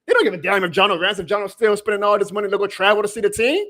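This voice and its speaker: A man's voice: high voice, rapid-fire, sharp tone. A man hosting a sports podcast, ranting emphatically and profanely to his listeners. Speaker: podcast host.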